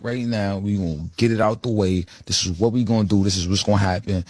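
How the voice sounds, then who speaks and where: A man's voice: fairly low pitch, fairly even intonation, fast, darkish tone, dry recording, clean studio sound. A man casually telling a loose, boastful street story in an interview clip.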